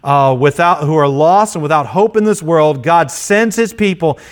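A man's voice: a little high, moderate pace. A male pastor preaching an earnest sermon, often repeating and restarting his phrases.

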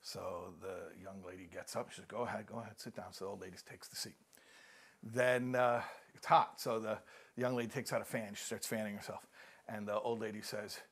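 A man's voice: lowish voice, fairly quick, slightly rough. A man giving a live talk, telling jokes and acting out the characters, often restarting and repeating words. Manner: animated joke-telling, acts out characters.

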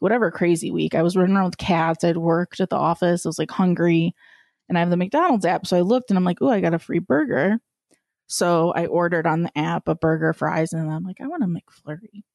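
Gravelly-voiced woman telling a funny story. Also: lowish voice, fairly quick, no room sound, clean studio sound. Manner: animated storyteller, acts out quoted people, laughs often, swears casually. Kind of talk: casual chat, storytelling.

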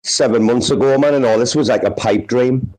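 A man's voice: medium pitch, fairly quick, a little mellow, low-quality recording. A man with a Sunderland accent hosting a casual chat, swearing heavily in rowdy banter. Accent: Sunderland English. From northeast England.

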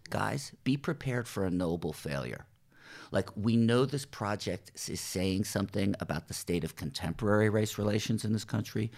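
A middle-aged man from New Jersey, a TV showrunner, telling animated stories in a podcast interview and acting out what people said. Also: on the low side, creaky. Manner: animated anecdotes, acts out quoted voices, swears casually. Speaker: TV writer and showrunner, podcast guest. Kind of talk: casual storytelling interview.

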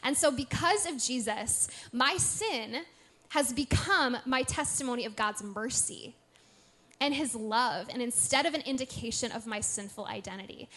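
A woman in her thirties sharing a candid faith testimony, earnest and reflective, with soft nervous laughs. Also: a little high. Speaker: podcast co-host sharing testimony.

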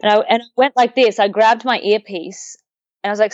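A young woman, a guest telling a story in a relaxed, chatty way, often laughing and acting out the voices of the people in it. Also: medium pitch, brisk, no echo, lo-fi sound. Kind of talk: casual storytelling interview.

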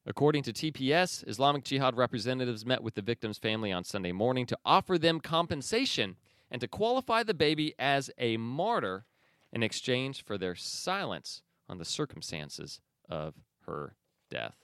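A man hosting a news commentary podcast, opinionated and sarcastic, often pausing with fillers and restarts. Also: medium pitch, very animated, fairly bright tone, clear, resonant tone, dry recording, clean studio sound. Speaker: podcast host.

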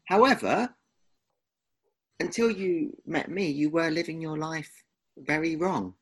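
A man's voice: fairly high pitch, fairly even intonation, unhurried, breathy edge. A man with an Essex accent co-hosting a podcast in casual chat, teasing and protesting dramatically. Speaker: podcast co-host.

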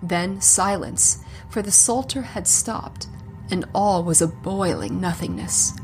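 A woman narrating a scripted folk horror story in a dramatic voice that drops into hushed whispers at times. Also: fairly low pitch, big pitch swings, slow pace. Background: music.

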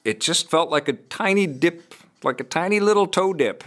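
A man's voice: on the high side, lively intonation, moderate pace, a bit bright, soft background music. A man hosting a gaming news show from a studio, chatting casually and reading viewer comments with lots of fillers and restarts.

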